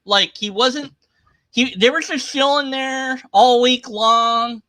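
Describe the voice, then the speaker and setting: A man's voice: very high voice, slow, sharp tone, no echo. A man giving casual, sarcastic commentary as he reads scripture aloud at his computer. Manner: sarcastic, irreverent. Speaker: atheist commentator. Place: at his computer sharing his screen.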